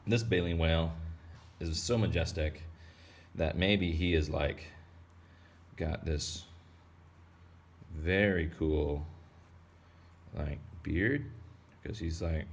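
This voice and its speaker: A man's voice: sits low, a little slow, long pauses. A man teaching kids to draw whales in a rambling, playful way full of jokes. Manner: rambling, playful, joking asides. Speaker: drawing teacher. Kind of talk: casual drawing tutorial for kids.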